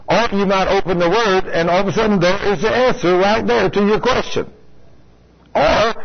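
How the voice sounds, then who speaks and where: Folksy man preaching on lo-fi radio. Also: a little high. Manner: folksy, talks straight to the congregation, acts out complainers. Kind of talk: sermon. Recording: lo-fi radio broadcast.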